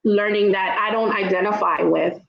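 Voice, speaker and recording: A woman's voice: mid-range voice, steady tone, normal speed, creaky, reverberant, lo-fi sound, a crowd in the background. A woman from Trinidad with a Trinidadian and New York accent, speaking with emphasis as a panelist in a casual discussion and often asking "right?". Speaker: panelist in an online travel talk.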